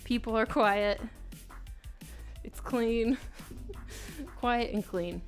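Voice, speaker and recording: A chatty woman hosting a live stream, talking casually to her chat and laughing easily. Her voice sits a little high. Faint music plays quietly underneath. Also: drawn-out words. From United States. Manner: chatty, reads chat aloud, laughs often.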